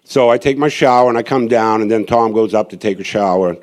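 A man's voice: on the low side, a little fast, darkish tone. A man, a street evangelist, telling a gathering his testimony in a rambling, earnest way, with many restarts and asides.

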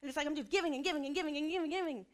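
High-voiced woman, candid and confessional. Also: racing. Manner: earnest and confessional, with self-deprecating asides. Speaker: mother sharing a personal testimony. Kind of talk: candid personal talk.

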